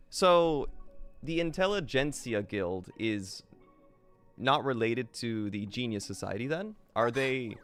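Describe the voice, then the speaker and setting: A man streaming a game live, thinking aloud and answering chat with many fillers. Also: mid-range voice.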